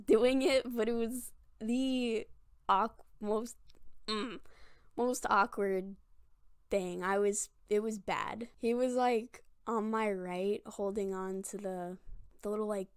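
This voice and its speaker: A woman's voice: medium pitch, clear, resonant tone, no room sound, clean studio sound. A woman of twenty-one telling funny stories to camera in a chatty, self-mocking way, full of "like". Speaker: vlogger. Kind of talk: casual storytelling to camera.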